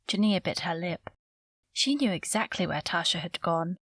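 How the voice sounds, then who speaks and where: A woman narrating a romantic suspense audiobook in a measured, even storytelling manner, recorded close to the mic. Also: lowish voice, husky, no room sound. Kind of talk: scripted narration.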